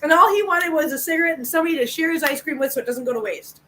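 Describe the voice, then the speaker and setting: A woman's voice: high voice, very fast, sharp tone, slight background noise, poor audio. A middle-aged woman hosting a casual live chat, telling stories with a loose, laughing, swearing manner. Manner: chatty storyteller, laughs often, swears casually. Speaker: livestream host.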